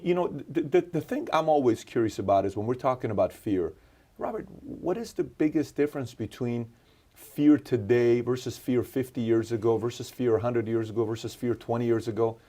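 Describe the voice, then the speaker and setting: A man's voice: medium pitch, lively intonation, moderate pace, warm tone. A man hosting an interview, asking curious questions and often stumbling over his words. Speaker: interview host.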